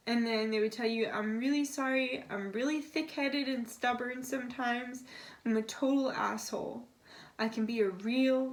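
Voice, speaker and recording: A woman's voice: fairly high pitch, steady tone, a little slow. A young woman giving a casual tarot reading, relaying messages in a chatty, confiding way and swearing now and then. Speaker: tarot reader.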